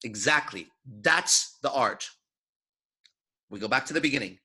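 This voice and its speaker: A man's voice: mid-range voice, animated, a little slow, bright, forceful tone, husky. A man giving an unscripted lecture as a dating coach, talking in a swaggering, profane, emphatic way.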